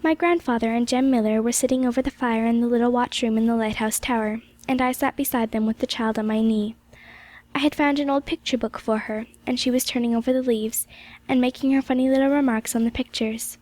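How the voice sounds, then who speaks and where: High-voiced woman reading a classic audiobook. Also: steady tone, a little fast, a little mellow. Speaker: audiobook reader. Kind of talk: scripted narration of a classic novel.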